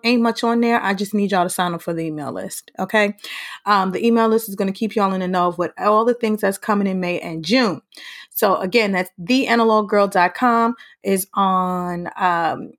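A woman in her thirties hosting her own podcast, talking in a casual, playful, fast and slangy way. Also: medium pitch, no echo, studio quality. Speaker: podcast host. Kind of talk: casual solo podcast chat.

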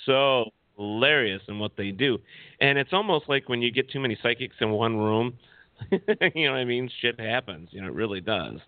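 A man's voice: medium pitch, expressive, moderate pace, dry recording. A man hosting a talk show, jumping in with laughing asides about his own spirit encounters. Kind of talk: casual talk show chat. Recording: dry phone-like audio.

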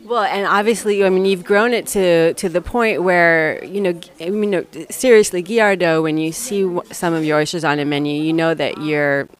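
An American woman hosts an interview, her voice sitting on the lower side. She talks in a chatty, enthusiastic way, circling her questions with plenty of "you know" and "I mean.". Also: fairly even intonation, moderate pace, few pauses. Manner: chatty, enthusiastic, loose phrasing. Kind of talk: podcast interview.

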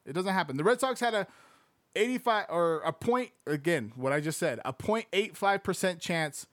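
A man reading a sports book aloud, breaking off into excitable, profane, slangy asides. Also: high voice, moderate pace, no echo, studio quality.

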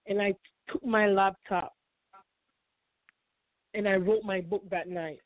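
A woman's voice: mid-range voice, steady tone, takes it slowly, no echo. A woman guest telling her personal story in an interview, emotional and repetitive. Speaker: guest author. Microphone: phone call. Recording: tinny dry phone line.

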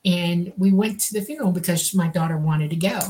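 A woman hosting a talk show, telling her own story calmly with a few fillers. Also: lowish voice, a little fast. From US state of Georgia. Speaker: podcast host. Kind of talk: casual storytelling.

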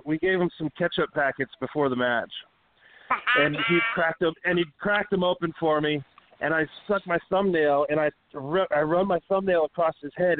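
A man hosting a wrestling radio show, telling a long profane backstage story in a loose, rambling way full of fillers. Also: a little high. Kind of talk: casual storytelling. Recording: tinny phone-line sound with faint hiss.

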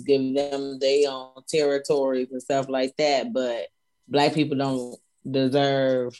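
A man co-hosting a podcast, speaking hesitantly and in a measured way. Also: mid-range voice, a little mellow. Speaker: podcast co-host. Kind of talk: casual podcast discussion.

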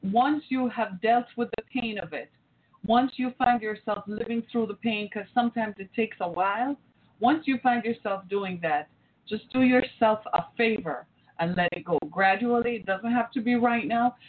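A woman's voice: a little high, moderate pace. A woman in her forties hosting a talk, telling a family story and playing out the voices in it. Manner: animated, acts out quoted voices. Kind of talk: storytelling to an audience. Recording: tinny phone-like line with faint noise.

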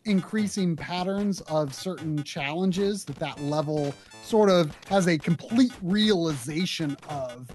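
A man's voice: a little high, darkish tone. A man co-hosting a casual game stream chat, often repeating words as he starts a thought. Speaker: co-host of a retro gaming stream.

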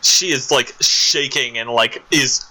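Bright-voiced man, animated and laughing. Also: mid-range voice, slow, poor audio. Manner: animated retelling, putting on little voices for characters; laughs often. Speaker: podcast co-host. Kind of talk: casual chat.

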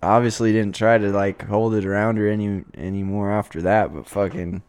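Gravelly laid-back young man telling stories. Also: on the low side, steady tone, normal speed, a little mellow, dry recording. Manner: laid-back, profane, rambling with many fillers. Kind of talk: casual storytelling chat.

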